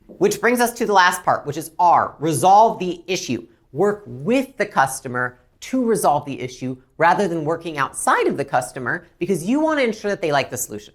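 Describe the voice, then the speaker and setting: Speaking fairly quickly in a lowish, very animated voice, a woman business coach addresses the camera about customer handling. Her advice is blunt and emphatic, with short customer-and-staff dialogues acted out.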